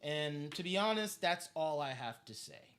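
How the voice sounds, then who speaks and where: A man's voice: fairly high pitch, expressive, moderate pace, background noise. A man venting on a live stream, heated and full of swearing. He circles back to the same complaints again and again in a loose, unscripted monologue. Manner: heated, profane, repetitive ranting.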